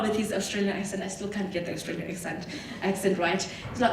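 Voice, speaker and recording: South African woman, lively storyteller, echoey hall, faint rumble behind. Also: brisk. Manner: lively storytelling with frequent laughs. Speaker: guest speaker. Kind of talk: motivational talk. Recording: echoey hall, distant mic.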